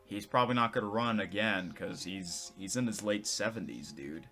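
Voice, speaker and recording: A man with a lowish, bright-toned voice chats casually as he reads through posts, often restarting and correcting himself mid-sentence. Faint music plays underneath. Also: moderate pace. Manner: rambling, many restarts and self-corrections. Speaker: vlogger reading tweets. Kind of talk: casual commentary.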